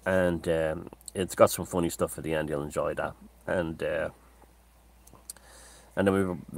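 A man with a deep, low-pitched voice talks straight to his audience in a loose, unscripted monologue. He is opinionated and discursive, circling back to restate his points. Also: a bit bright, breathy edge. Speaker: author and commentator hosting his own channel.

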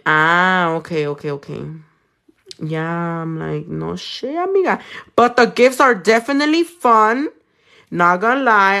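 A woman's voice: on the low side, fairly bright tone. Chatty, swearing woman streaming nails. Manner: chatty and swearing, answers viewer comments while working. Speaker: nail artist streaming live. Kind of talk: casual live-stream chat. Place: home nail studio.

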